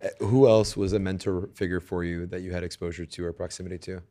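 A man hosting an interview, asking questions in a relaxed, encouraging way. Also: low-pitched, quick pace. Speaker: podcast host.

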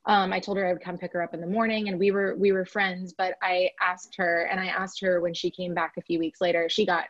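A woman's voice: lowish voice, flat delivery, brisk, dry recording. Chatty woman telling a personal story. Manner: chatty, many fillers like "like" and "you know". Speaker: podcast guest. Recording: dry, slightly dull recording.

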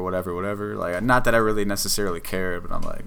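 Young man, bright forceful voice, casual storytelling, animated, laughs a lot. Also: low-pitched, fast talker, creaky, hardly any pauses, smooth. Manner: animated, laughs often, acts out quotes. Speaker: podcast guest telling a story.

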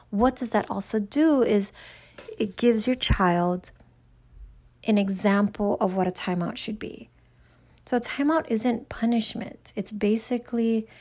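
A woman's voice: mid-range voice, a little mellow. A woman giving parenting advice in a frank, emphatic monologue, talking straight to the listener. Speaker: parenting advisor.

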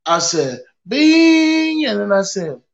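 A high-voiced man tells family stories in animated, profane podcast chat, acting out his own reactions. The recording sounds dull and lo-fi. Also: moderate pace. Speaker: podcast co-host. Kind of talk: casual storytelling chat.

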